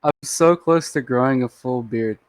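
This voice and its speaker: A man's voice: mid-range voice, normal speed, no echo. Teen boy, 17, podcast co-host, blunt, dry delivery, sighs, dry close sound. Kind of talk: casual podcast chat.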